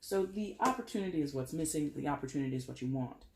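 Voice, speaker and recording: A man giving a casual tarot reading, chatty and animated, swearing now and then. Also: a little high, quick pace, gravelly, roomy sound, slight background noise. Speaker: tarot reader.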